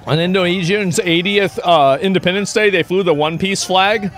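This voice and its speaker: A man's voice: high-pitched, moderate pace, a bit bright, slight background noise. A man in his thirties from the United States, reacting to videos in blunt, profane casual commentary full of restarts and asides.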